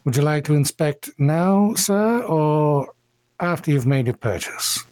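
A man's voice: a little high, lively intonation, unhurried, darkish tone, dry recording, voice pushed up. A man voicing a suave, cultured male elf attorney who speaks in polished, courtly phrases.

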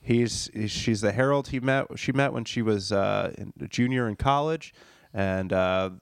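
A man telling a funny story about his job as a server in a profane, animated way, acting out the people in it. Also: lowish voice, moderate pace, creaky, smooth, no room sound, studio quality. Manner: profane, animated, acts out quotes. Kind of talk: casual comedic storytelling.

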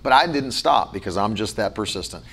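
A man's voice: on the low side, expressive, fairly quick, a bit bright, slight background noise. A man preaching a sermon as pastor, moving between a chatty storytelling tone and emphatic, rhythmic lists of repeated words. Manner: conversational storytelling with fillers.

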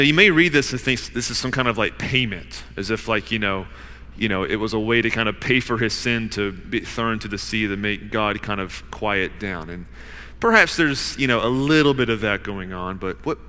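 A man preaching a sermon with a bright, forceful voice that rings out in a hall with a long reverb. He acts out the people in his story, rising to loud urging and then dropping to hushed, low asides. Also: animated, moderate pace. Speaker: pastor.

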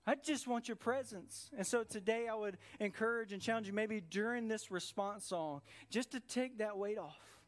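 Earnest high-voiced man preaching. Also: moderate pace, few pauses. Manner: earnest, emphatic preaching with repeated phrases. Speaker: pastor. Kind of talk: sermon. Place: church service in a room.

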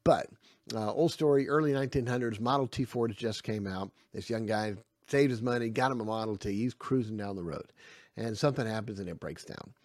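A man giving a spoken Bible lesson to parents. He is animated and acts out the dialogue in his stories. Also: lowish voice, brisk, dry recording, studio quality. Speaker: family Bible teacher.

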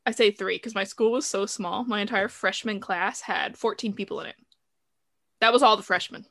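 Bright-voiced young woman podcaster, chatty. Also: mid-range voice, normal speed, vocal fry, no echo, clean studio sound. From American South. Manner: chatty, laughing, self-deprecating. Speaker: podcast co-host. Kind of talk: casual chat.

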